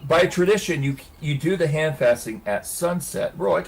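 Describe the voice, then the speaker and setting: A man's voice: on the high side, normal speed, creaky. A man telling a long story on a casual hangout stream, laughing and swearing as he goes. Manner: profane, laughing, animated storyteller.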